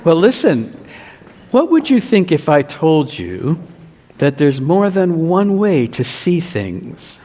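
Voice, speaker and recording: A man, a pastor, telling a children's sermon as a slow story and asking the children questions. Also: a little high, very animated, mellow. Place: church. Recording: long church reverb.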